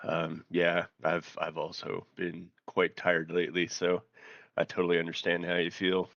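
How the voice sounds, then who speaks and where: Deep gravelly man on a dull lo-fi call. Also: completely flat delivery, fairly bright tone, dry recording. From United States. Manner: hesitant, joking, with halting restarts. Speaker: caller. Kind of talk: casual chat.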